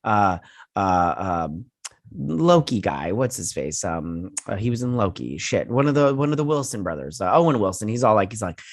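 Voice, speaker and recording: A man's voice: fairly low pitch, big pitch swings, normal speed, dry recording, clean studio sound. A man casually reviewing a TV episode, rambling with many fillers and acting out the characters' lines as he retells the plot.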